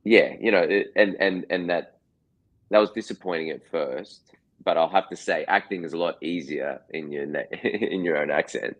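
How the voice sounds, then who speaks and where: A man with a strong Australian accent and an extremely low voice sits as the guest in a casual interview. He talks in loose, rambling runs, often stopping to repeat a word before finding his thought. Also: moderate pace, highs cut off. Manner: rambling, full of restarts and repeated words. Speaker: guest actor.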